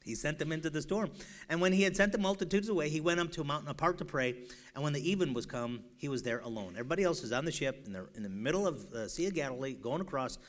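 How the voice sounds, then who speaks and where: An animated male preacher with a fairly high voice. He reads scripture slowly, then breaks into pleading, rising cries as he acts out people's doubts. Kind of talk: sermon.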